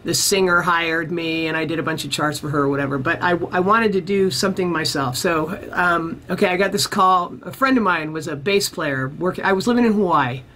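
A man's voice: on the high side, brisk, few pauses, slight background noise. A man being interviewed about his music career, telling a long story in a casual, rambling way and acting out the people he quotes. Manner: animated storyteller who acts out the people he quotes; rambling, with many restarts.

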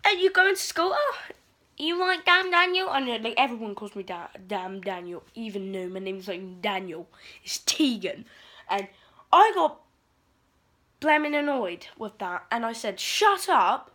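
A woman's voice: a little high, normal speed, a bit bright. A teenage girl rambling through a sweary, exasperated vlog rant. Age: teens. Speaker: vlogger. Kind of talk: casual ranting vlog.

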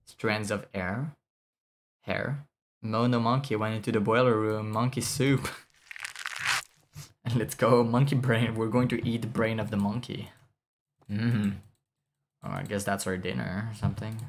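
A man's voice: on the low side, fairly even intonation, measured pace, long pauses. A young man with a French accent, rambling and chatting casually as he streams a game, swearing now and then and answering his chat. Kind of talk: casual gameplay commentary.

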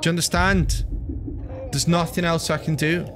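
A man live-streaming a game, commenting in a crude, joking way with excitable outbursts. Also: fairly high pitch, moderate pace, heavy background noise.

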